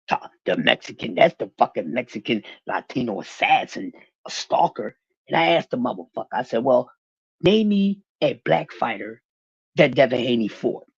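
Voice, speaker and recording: Man with a husky, lively voice. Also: medium pitch, no echo, dull audio. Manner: profane, animated, talking back to chat. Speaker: livestream host. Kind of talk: casual livestream boxing rant.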